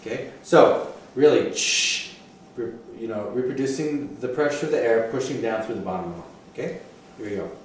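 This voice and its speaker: A man's voice: medium pitch, moderate pace. Encouraging male clarinet teacher, echoey room. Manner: encouraging, counts aloud and sings phrases. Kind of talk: one-on-one music lesson. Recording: echoey room from a distance, faint noise.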